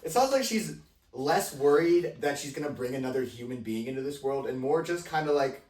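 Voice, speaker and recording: A young man co-hosting a podcast, chatting casually with quick, laid-back reactions and jokes. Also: mid-range voice, animated, a little mellow, roomy sound, distant mic. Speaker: podcast co-host. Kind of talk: casual chat.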